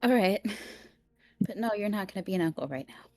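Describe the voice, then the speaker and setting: Giggly animated woman at a game table. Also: medium pitch, dry recording, studio quality, faint music behind. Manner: giggly, animated, halting storytelling. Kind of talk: in-character table banter.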